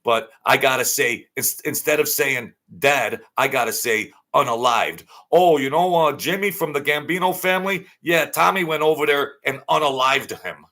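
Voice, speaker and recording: A man's voice: mid-range voice, moderate pace, few pauses, pushed and bright. A man delivering a blunt, heated, repetitive ranting monologue as an online commentator.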